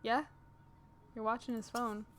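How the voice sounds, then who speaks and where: A woman's voice: a little high, little pitch movement, a little slow. A young woman casually commenting on her own gameplay, thinking aloud with lots of fillers as she decides what to do next. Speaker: gaming channel host. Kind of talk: casual let's-play commentary.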